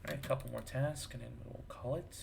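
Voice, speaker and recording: A man streaming a video game, thinking out loud in a chatty, self-mocking way. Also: mid-range voice, steady tone, quick pace, vocal fry, slight background noise. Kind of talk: casual let's-play commentary. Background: game music.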